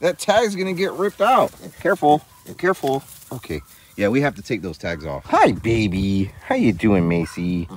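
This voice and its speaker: A man's voice: medium pitch, wildly swooping pitch, normal speed. Chatty male farm vlogger. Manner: chatty, coos baby talk at animals. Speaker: vlog host. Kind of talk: casual vlog talk to camera. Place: outdoors on a small farm.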